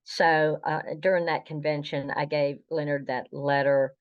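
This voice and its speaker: A woman tells long stories as an interview guest, chatty and meandering. Her voice sits low and deep for a woman. The recording sounds dull and lo-fi. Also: fairly even intonation, a little slow. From American South. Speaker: guest, fan historian. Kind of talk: anecdotal interview storytelling.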